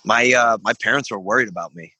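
A young veteran man tells a story in a casual, rambling way, laughing and swearing as he goes. His voice is bright and forward. It is close and dry, with no room sound. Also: on the low side, quick pace, husky, no echo. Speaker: podcast guest, veteran.

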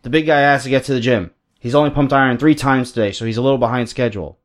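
A man's voice: medium pitch, fairly even intonation, fast talker, lightly acted. A man voicing a smug older male wrestler who mocks his rivals. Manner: smug, mocking threats.

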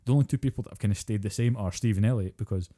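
A man's voice: on the low side, rapid-fire, dark tone. A Scottish man co-hosting a podcast, chatting casually and ranting with plenty of swearing. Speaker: podcast co-host.

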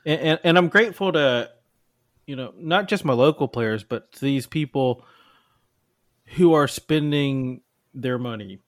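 A man's voice: medium pitch, unhurried, dry recording, studio quality. A man from the United States, a tournament organizer guesting on a podcast, earnest and repeating words as he gets going. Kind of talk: casual podcast interview.

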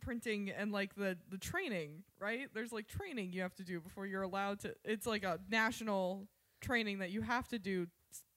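A woman's voice: medium pitch, a little fast, fairly bright tone. A woman arguing bluntly and swearing in casual chat.

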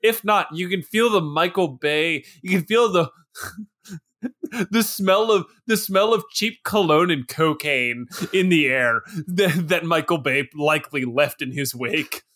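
A young man co-hosting a film podcast, animated and profane, riffing on jokes and laughing often. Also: on the high side, slow. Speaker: podcast co-host. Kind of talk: casual film podcast banter.

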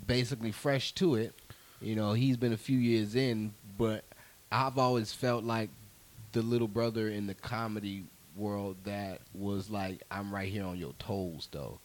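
A man hosting a podcast in casual chat, an animated, profane storyteller who laughs often and acts out the people in his anecdotes. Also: fairly low pitch. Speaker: podcast host.

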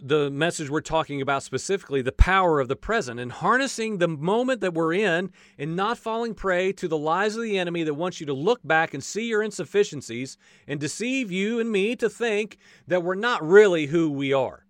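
Folksy preacher guy, kinda high voice, acts out the voices, jokes around, no room echo. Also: fairly quick, few pauses. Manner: animated, acts out voices of people in stories; folksy, says "y'all" and jokes. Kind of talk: sermon.

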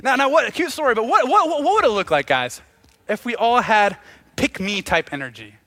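A young man preaching a sermon in an animated, joking storytelling style with lots of asides. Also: very high voice, brisk.

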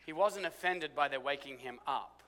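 A man with a high, bright, ringing voice preaches a sermon. He swings between forceful, emphatic lines and quiet, hushed ones. His voice carries a long reverb, as in a large hall. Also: normal speed. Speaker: pastor.

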